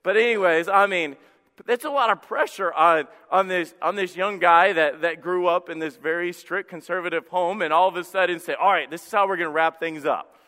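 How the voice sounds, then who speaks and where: A middle-aged man, a pastor, preaching a sermon with animated, self-deprecating storytelling. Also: high-pitched, a little fast. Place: church hall. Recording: long hall reverb.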